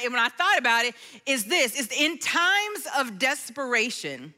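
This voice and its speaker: A woman in her forties preaching a sermon, telling stories in an animated way and chuckling now and then. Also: high-pitched. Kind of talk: sermon with personal story.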